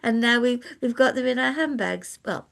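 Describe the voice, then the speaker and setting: A woman's voice: fairly high pitch, expressive, normal speed, creaky. An older woman chatting on a video call, telling rambling anecdotes and laughing often. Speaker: guest speaker.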